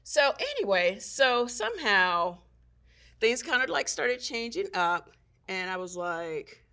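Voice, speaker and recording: Bright-voiced woman, animated storyteller. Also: slow pace. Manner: acts out quoted voices with big jumps in pitch; frequent "like" and "so anyway". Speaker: guest. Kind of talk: casual chat, storytelling.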